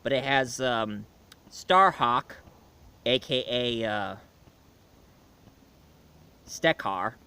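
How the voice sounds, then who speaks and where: A man's voice: medium pitch, expressive, drawn-out words, long pauses, sharp tone, clean tone. A man giving a casual film and comic review, rambling along with many fillers and restarts.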